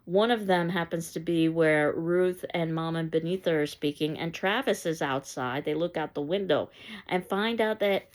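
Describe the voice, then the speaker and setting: A woman's voice: on the low side, normal speed. A woman teacher giving a conversational literature lecture, retelling scenes with a wry, casual delivery.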